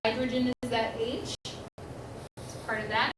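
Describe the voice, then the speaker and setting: A woman teacher runs a lesson for children, giving slow, clear cues and encouraging praise. Her fairly high voice is caught by a camera across the room. The classroom echo and steady noise are plainly heard around her. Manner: encouraging, directive, clear call-and-response cues. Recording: roomy classroom echo, distant mic, noisy.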